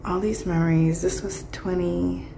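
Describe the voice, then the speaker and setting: Young woman vlogger, low gravelly voice, chatty and emotional, phone-recorded with faint noise. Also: steady tone, unhurried, warm tone. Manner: chatty and emotional, addresses viewers as y'all. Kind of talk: casual vlog talk to camera. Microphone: phone camera.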